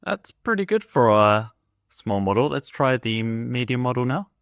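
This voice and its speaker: A man hosting a tech video, giving relaxed, tentative verdicts in casual commentary and calling his own reading voice monotone. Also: medium pitch, normal speed, dry recording, studio quality.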